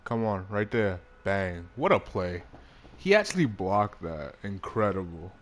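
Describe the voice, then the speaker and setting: Male gaming creator, low voice, loose excitable play-by-play with swearing. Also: measured pace. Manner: excitable, swears, laughs at himself. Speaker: gaming YouTuber. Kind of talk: casual gameplay commentary.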